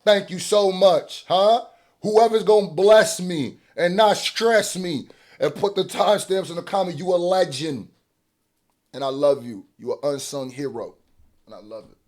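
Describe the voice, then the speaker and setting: A man hosting a casual album reaction, swinging between excited hype and quieter mumbled asides. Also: high voice, measured pace. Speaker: music reaction host.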